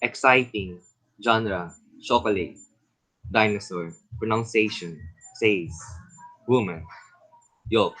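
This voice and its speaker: A man's voice: fairly low pitch, slow, pauses often, fairly bright tone, slightly rough, low-quality recording. A Filipino man, a student, reading a list of words aloud one by one over a video call. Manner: reads a word list aloud one word at a time.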